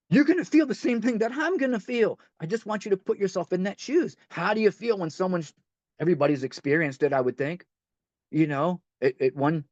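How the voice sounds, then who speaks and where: A man's voice: fairly high pitch, darkish tone, dry recording. A man leading a recovery step workshop in conversational teaching talk. He repeats himself and speaks straight to the group. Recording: dull lo-fi dry recording.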